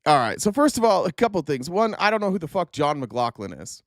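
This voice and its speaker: A man talks through a live stream in a blunt, sarcastic way, swearing freely and tripping over restarts as he goes. His voice sits a little high. The sound is dry and close. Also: sing-song, fairly quick, no room sound. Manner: rambling with frequent restarts and laughs. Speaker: political commentator.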